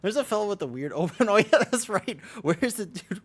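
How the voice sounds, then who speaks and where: This man has a high, fairly quick and slightly bright voice with lively intonation. He's live-streaming a game and chatting casually, rambling and poking fun at himself, restarting sentences and laughing a lot.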